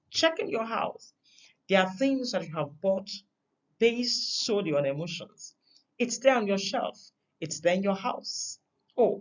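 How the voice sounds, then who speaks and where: A woman teaching a recorded lesson on communication, with an emphatic delivery that stresses words through sharp changes in pitch and loudness. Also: muffled recording.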